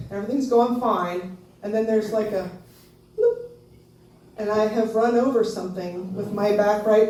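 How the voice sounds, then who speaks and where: Animated woman storyteller in an echoey venue. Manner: animated, laughing through the telling, squealing high when quoting herself. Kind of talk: live storytelling performance. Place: small live venue with an audience. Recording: echoey venue, voice a bit distant, faint background noise.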